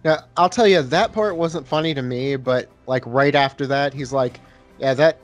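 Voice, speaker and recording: A man's voice: medium pitch, normal speed, soft background music. A man co-hosting a casual movie podcast, chatty and critical of the film, leaning on filler words like "like.". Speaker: podcast co-host. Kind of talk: casual movie chat over beer.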